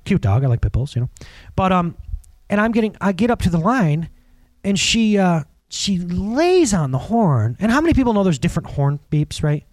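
Animated high-voiced male preacher telling stories. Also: moderate pace, dry recording. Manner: animated storyteller, acts out other people, chuckles often. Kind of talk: conversational sermon with personal stories.

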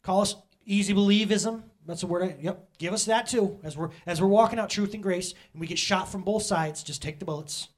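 A middle-aged male pastor telling a personal story in a sermon to his church, animated and self-mocking, often laughing. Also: sits high, a little fast, few pauses.

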